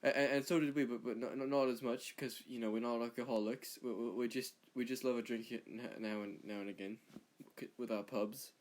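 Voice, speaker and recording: A man's voice: medium pitch, fairly even intonation, fairly quick, close to an everyday voice. A man doing a smug, rambling Englishman. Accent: put-on English. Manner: hesitant, rambling, repeats words. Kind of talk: comedic accent impression.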